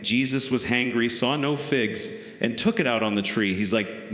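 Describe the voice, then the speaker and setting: A man's voice: medium pitch, expressive, a little slow, fairly bright tone. A man performing stand-up comedy in a wry, conversational storytelling manner, recorded on a theater stage with roomy hall reverb.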